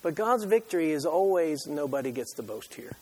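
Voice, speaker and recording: Male pastor, husky and fairly high-pitched, animated sermon storyteller who acts out his own reactions. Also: brisk.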